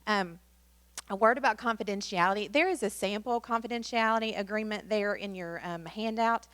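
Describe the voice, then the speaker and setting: A woman's voice: medium pitch, a bit bright, no echo. A woman presenting a training workshop in a chatty way, with many fillers. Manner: chatty, many fillers, acts out quotes in story.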